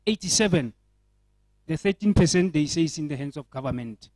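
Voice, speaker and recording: South African man, fairly high voice, earnest, rhetorical questions, dry close sound. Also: quick pace, warm tone, no room sound, poor audio. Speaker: panel speaker. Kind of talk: panel discussion remarks. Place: indoor event.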